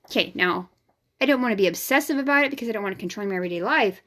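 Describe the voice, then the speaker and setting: A woman's voice: medium pitch, animated, racing, fairly bright tone. A woman energy healer hosting her own vlog, talking casually, frankly and emphatically, sometimes swearing. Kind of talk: casual spiritual vlog talk.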